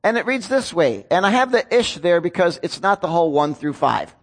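A pastor preaches in a casual, conversational way, tossing questions out to his congregation. His voice sits on the high side for a man, and he pokes fun at himself as he talks. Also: very animated, a little fast. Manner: conversational, self-deprecating, asks the congregation questions. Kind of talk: sermon.

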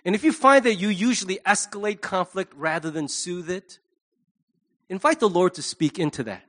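A middle-aged man preaching a sermon as pastor, animated, acting out quoted voices. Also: high voice, normal speed.

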